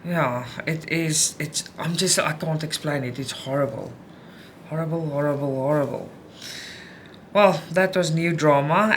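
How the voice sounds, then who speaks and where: A middle-aged woman vlogging about cross-stitch at home, upset and frustrated, venting in a halting way with many restarts. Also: sits low, fairly bright tone, a little hiss or hum. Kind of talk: casual chat while stitching.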